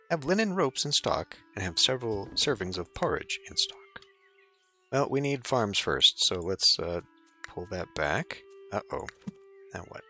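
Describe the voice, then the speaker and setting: A man's voice: lowish voice, sharp tone. Man casually narrating a game. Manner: chatty, thinking aloud, mild swearing. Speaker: let's play host. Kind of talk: casual gameplay commentary.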